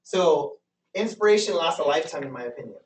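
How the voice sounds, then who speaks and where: A man giving an energetic motivational training talk to a live group, often asking the audience questions and repeating himself for emphasis. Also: fairly high pitch, fast, a little hiss or hum. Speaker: business trainer. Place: meeting room with a live audience. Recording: echoey room from far off.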